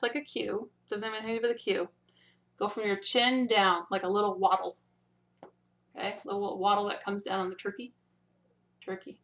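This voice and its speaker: A woman's voice: medium pitch, pushed and bright. A woman teaching signs in a video lesson, patient, demonstrating each one and often checking in with "okay?". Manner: demonstrates slowly, repeating each word. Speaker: sign language teacher.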